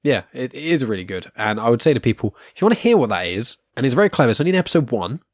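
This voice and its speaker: A man's voice: mid-range voice, very animated, very fast, dry recording, studio quality. A man in his twenties hosting a podcast, chatting casually with frequent restarts and laughs. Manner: rambling, self-interrupting, laughs often. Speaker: podcast host.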